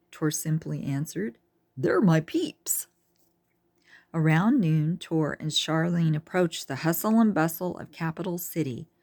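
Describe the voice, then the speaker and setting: A woman reading a children's book aloud, unhurried, with chatty asides to her listeners. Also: sits low, a little mellow, dry recording. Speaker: reader.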